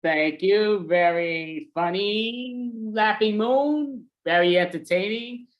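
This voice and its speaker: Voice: medium pitch, slow, lo-fi sound. Enthusiastic host on a video call. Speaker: host of an online comedy show. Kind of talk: casual chat.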